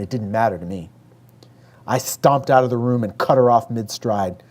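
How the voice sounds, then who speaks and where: A man from Western New York reads from his own memoir at a measured, steady pace. His voice is dark and mellow, with a middle pitch. He raises it sharply when he quotes family members. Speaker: author reading his memoir. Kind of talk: memoir reading.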